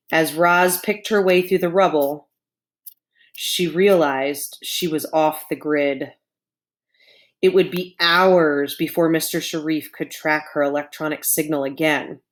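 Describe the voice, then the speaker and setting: Woman, storybook read-aloud for children, low voice, slow pace, chatty asides. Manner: warm asides to young listeners.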